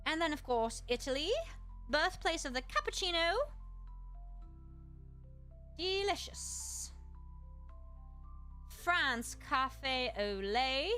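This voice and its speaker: A woman streamer in casual chat, reading aloud and musing with quick asides to her chat. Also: sits high, expressive, sharp tone, faint music behind. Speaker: streamer host.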